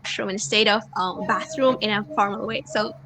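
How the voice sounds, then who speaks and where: A woman student telling the class a story on a video call, speaking in a chatty, animated way. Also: mid-range voice, moderate pace, background noise. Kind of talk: online class discussion.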